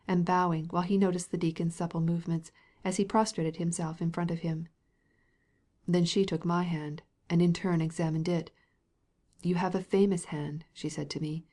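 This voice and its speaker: A woman narrating a classic novel in a measured, even audiobook reading. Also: lowish voice. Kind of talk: scripted narration.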